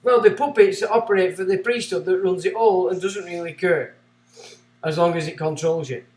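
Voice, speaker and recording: A man hosting a livestream, reading a book aloud and breaking off into rambling, excitable asides. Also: high voice, normal speed, reverberant. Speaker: livestream host.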